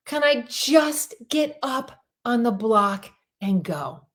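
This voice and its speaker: A middle-aged woman coach giving an animated motivational talk on a group call, telling stories and repeating her points for emphasis. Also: fairly high pitch, takes it slowly. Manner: animated storytelling, emphatic repetition.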